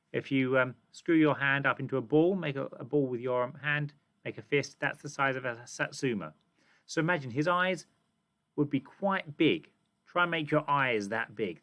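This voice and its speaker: A man's voice: medium pitch, a bit bright. A British man teaching a reading comprehension lesson to children, asking questions and reading lines aloud with emphasis. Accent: British English. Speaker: primary school teacher.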